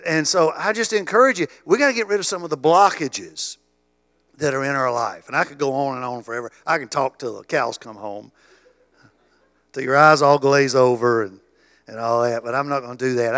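A middle-aged male pastor preaching a sermon in a voice a touch higher than most men's. He stumbles and repeats himself, then drives his points home with rising force. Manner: repeats words and restarts, builds to loud emphatic stretches. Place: church.

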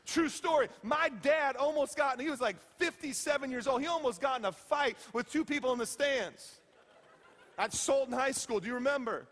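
A middle-aged man preaching a sermon as pastor, playful and emphatic, dropping to a hush and then rising to shouts. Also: extremely high pitch, moderate pace, long reverb tail. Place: church sanctuary.

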